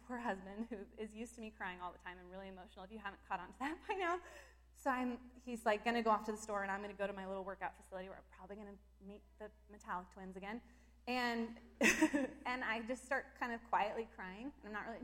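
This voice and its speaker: A woman telling a personal faith story in a casual, emotional way, with lots of filler words. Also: medium pitch. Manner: emotional and animated, lots of "like" fillers, breaks into laughter. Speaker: Christian speaker sharing personal testimony.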